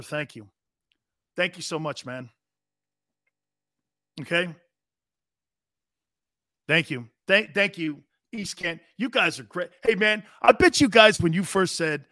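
A man's voice: high-pitched, takes it slowly, pauses often, no room sound, clean studio sound. A man hosting a sports talk show, ranting casually and brashly to his viewers. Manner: brash, animated, talks straight to viewers.

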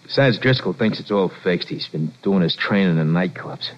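A volatile washed-up boxer, lowish voice, 1940s radio drama, dull lo-fi recording. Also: male voice, lively intonation, moderate pace, a little hiss or hum. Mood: weary. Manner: volatile, shouting then pleading. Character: desperate worn-out boxer, a hot-tempered husband.

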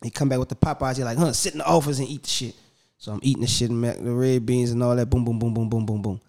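A man, a podcast guest telling stories in animated casual talk, acting out voices and laughing often. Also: medium pitch, fast talker, faint music behind. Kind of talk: casual storytelling.

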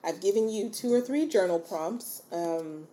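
Woman, solo podcast host. Warm and mellow, chatty, encouraging, keeps checking in with listeners. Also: mid-range voice, measured pace. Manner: chatty and informal. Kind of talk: casual solo podcast talk.

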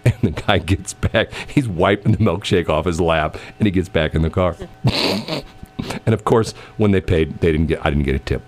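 Speaking at a moderate pace in a low voice, a man recounts a story in relaxed conversation. He brings it to life by imitating the people involved, laughing frequently along the way.

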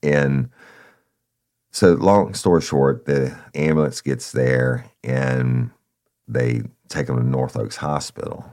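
Very deep-voiced man telling a story. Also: takes it slowly. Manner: conversational, addresses listeners as y'all, animated retelling. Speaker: former police officer telling a story. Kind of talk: casual storytelling.

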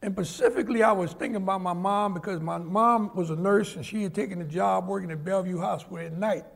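An older New man with a high voice and a gravelly rasp, telling his life story in an interview. He is an animated storyteller who slips into the voices of the people in his stories. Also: fast talker. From New York.

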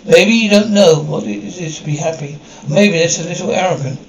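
An actor plays a sardonic Frenchman from the office, speaking with a French accent and lecturing frankly. His voice sits a touch high. It is a scripted television drama scene. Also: normal speed, a little hiss or hum, natural voice, poor audio. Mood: teasing lecture. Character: blunt, sardonic male French office worker. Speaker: office coworker.

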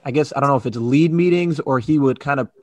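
A man's voice: mid-range voice, fast talker, dry recording. A man co-hosting, asking casual interview questions in a friendly, affirming way. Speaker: podcast co-host.

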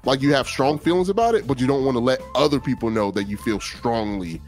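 Man, animated pitch, relaxed, laughs often, explains patiently, faint music. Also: quick pace. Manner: easygoing, laughing, explains slang with examples. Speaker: co-host. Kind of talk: casual chat.

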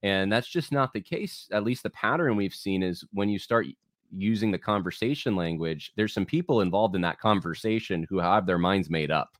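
A man's voice: low voice, animated, normal speed, no echo, clean studio sound. A man hosting a podcast, talking loosely and reading out listener comments to his guest. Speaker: podcast host. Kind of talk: casual interview talk.

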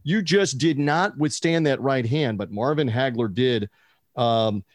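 A man's voice: mid-range voice, a little slow, no room sound, studio quality. A man hosting a podcast, telling stories in an enthusiastic, rambling casual chat. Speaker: podcast host.

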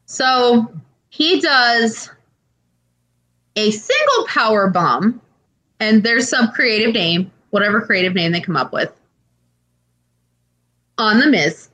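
Animated, bright-voiced woman telling a story. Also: a little high, slow, long pauses, low-quality recording. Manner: animated storytelling with frequent swearing and "like". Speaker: podcast co-host. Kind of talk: casual chat.

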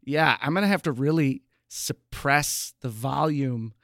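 A man's voice: mid-range voice, a little slow, fairly bright tone, dry recording, studio quality. A young man co-hosting a podcast, casually riffing jokes and goofy tangents. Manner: joking, playful riffing. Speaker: podcast co-host. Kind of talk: casual chat.

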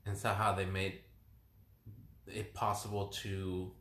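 A young man talking reflectively and hesitantly in a casual conversation, often pausing and restarting his sentences. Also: deep voice, monotone, fairly bright tone. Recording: roomy echoing room.

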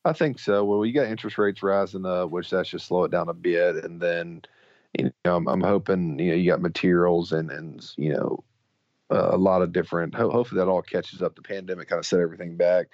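Deep-voiced man, halting talk. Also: fairly even intonation, no echo, lo-fi sound. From Mississippi. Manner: halting, full of fillers and restarts. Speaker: podcast co-host. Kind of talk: casual podcast chat.

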